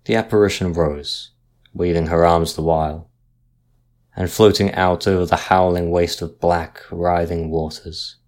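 A man reading a sea ghost story aloud in a measured, dramatic narration style. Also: low-pitched, fairly even intonation, a little mellow.

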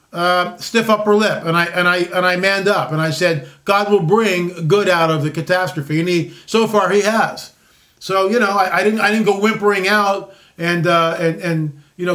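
A man in his late sixties delivers an opinionated commentary monologue as host. His voice sits unusually high for a man. He rambles, breaks off mid-sentence and restarts, and keeps adding asides. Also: fairly bright tone. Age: 60s.

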